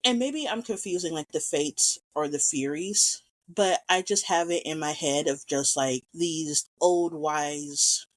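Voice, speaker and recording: A woman with a slightly low voice holds forth in a casual film commentary. She rambles, piles on asides and gushes with enthusiasm about what she loves. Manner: enthusiastic, rambling, quick to gush. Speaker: podcast host.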